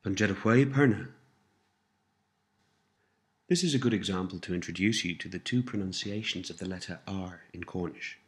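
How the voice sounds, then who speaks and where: A man giving an audio language lesson, prompting phrases and explaining pronunciation in a deliberate instructional manner. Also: low-pitched. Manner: slow, deliberate instructional delivery with repeated prompts. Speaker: language teacher.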